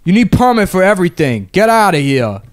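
A man voicing a gruff old gun store owner who talks like a mobster, in broken English and mock menace. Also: high-pitched, big pitch swings, a little fast, no room sound, studio quality, voice pushed up. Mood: hostile.

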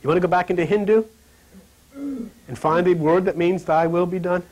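Male host, high voice, animated storyteller who laughs a lot and turns hushed and low on spiritual points. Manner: animated storyteller, laughs through his stories; drops to a hushed, low, slow voice on spiritual lines. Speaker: host of a spiritual talk program. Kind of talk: rambling spiritual talk with personal anecdotes.

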